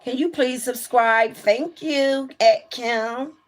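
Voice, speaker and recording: A woman's voice: on the high side, slow pace. Candid swearing woman chatting on a livestream. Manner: candid, swears freely, reads out viewer comments. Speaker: livestream host. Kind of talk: casual livestream chat.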